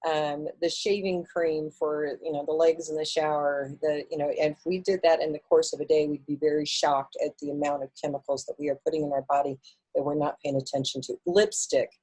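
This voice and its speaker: A woman hosts an online meetup in a slightly low, breathy voice. She chats along agreeably and piles on everyday examples over a video call. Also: darkish tone, no echo, poor audio. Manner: chatty, agreeable, adds examples. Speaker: meetup host. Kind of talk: casual online meetup talk.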